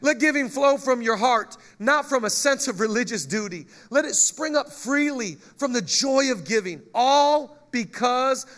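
A male pastor preaching a lively sermon, joking with the congregation and reading scripture aloud. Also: very high voice, measured pace, hardly any pauses.

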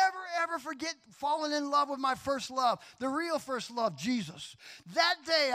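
High-voiced animated male pastor. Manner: animated storyteller, acts out voices, laughs often. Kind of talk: sermon with personal story.

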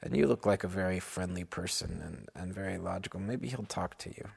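A man's voice: sits low, fairly quick, gravelly, husky, heavily acted. A man voicing a tired, exasperated wealthy mother who rambles wearily. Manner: weary and rambling.

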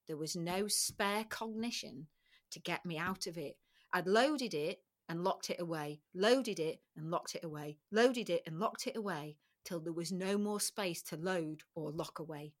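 A middle-aged woman talks candidly as an interview guest. Her voice is bright and carries force, even in hard passages. She tells her story plainly and emotionally, with repeated phrases. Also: medium pitch. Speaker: podcast guest.

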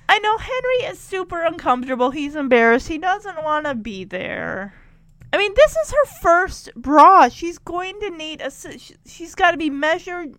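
Brief: animated woman narrator, casual recap, lively pitch, dry and close. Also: measured pace, no echo. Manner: chatty, animated, exasperated asides. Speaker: tv episode recapper.

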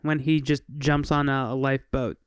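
A podcast co-host in casual chat, teasing and joking and quick to laugh. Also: medium pitch, flat delivery, clean tone, dry recording, studio quality.

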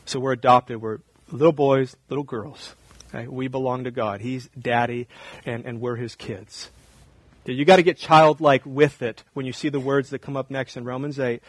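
A man in his thirties preaching a sermon, swinging from hushed, intimate talk to raised, emphatic repetition. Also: medium pitch, fairly even intonation, moderate pace, husky, no echo, poor audio. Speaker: pastor.

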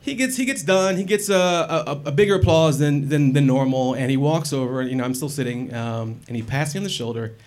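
A man telling a personal story in a wry, animated and profane way. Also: on the high side, fairly quick, hardly any pauses. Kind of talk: personal story told to an audience.

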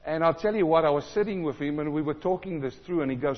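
A man from South Africa preaching a sermon, animated, repeating lines for emphasis and acting out the voices he quotes. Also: a little high, fast, few pauses. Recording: dull sound in a large reverberant hall.

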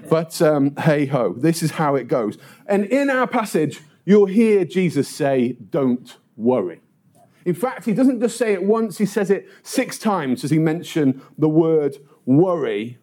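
Animated preacher, man. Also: fairly high pitch. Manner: animated, puts on voices of people in his story. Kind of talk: sermon with storytelling.

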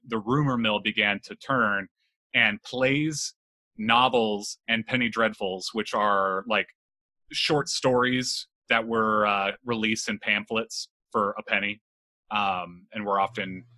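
A man's voice: lowish voice, sharp tone, no room sound. A man hosting a casual chat, telling a spooky legend with jokes and swearing. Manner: joking, swears freely, laughs while telling. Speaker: podcast host telling a legend.

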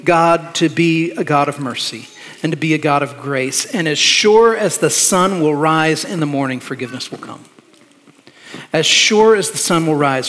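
A man preaching a sermon as pastor, earnest and emphatic, slowing down to stress key words. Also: on the high side, fairly bright tone. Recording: long reverb of a large hall.

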